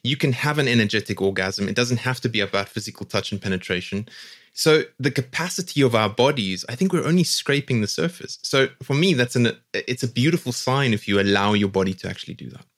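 A man appearing as a clinical psychologist guest on a podcast. He explains things in a calm, measured way. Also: medium pitch. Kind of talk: podcast interview answer.

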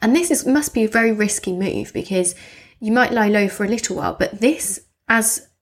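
A woman co-hosting a podcast, telling a case in a lively, chatty way and laughing often. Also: mid-range voice, brisk, husky. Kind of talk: casual chat.

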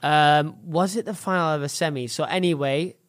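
A man's voice: fairly high pitch, moderate pace. A man hosting a casual podcast, telling a story with lots of swearing and acting out what other people said. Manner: animated storyteller, swears freely, acts out other people's lines. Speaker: podcast host. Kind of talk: boozy casual podcast chat.

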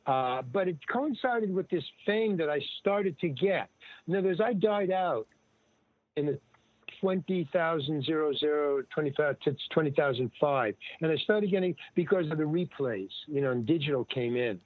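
Over a tinny, dry line that sounds like a phone, an older actor and comedian appearing as a guest tells loose, rambling stories and performs the lines he quotes. He speaks at a normal speed in a fairly high voice with no room sound.

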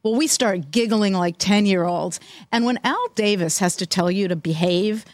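An older woman shares stories on a podcast with animated, giggly delivery. Her voice sits at a middle pitch, recorded close and dry. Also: normal speed, no room sound. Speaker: podcast co-host. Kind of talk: storytelling in casual chat.

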